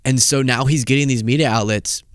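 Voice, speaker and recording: A man hosting a solo political commentary show, talking in an animated, incredulous and sarcastic way. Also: medium pitch, a little fast, dry recording, clean studio sound.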